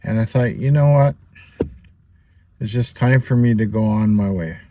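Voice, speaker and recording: Low-voiced man telling a rambling story. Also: moderate pace, dark tone. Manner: rambling, chatty, peppered with "you know" and little laughs. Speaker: vlogger. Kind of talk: casual storytelling monologue.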